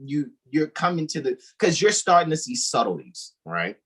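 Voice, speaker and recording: A man giving a casual astrology talk as co-host over a video call, animated and thinking aloud. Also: on the high side, moderate pace, slightly rough.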